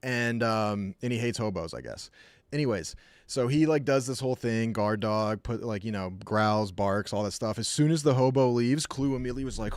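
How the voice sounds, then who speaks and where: A man chatting casually on a live stream, telling rambling, jokey stories and dropping into quick put-on voices. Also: mid-range voice, no echo, studio quality.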